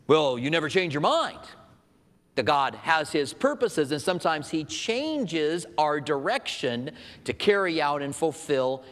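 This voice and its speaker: Long hall reverb surrounds a pastor's slightly high, bright voice as he addresses his congregation. He delivers the sermon conversationally, posing rhetorical questions.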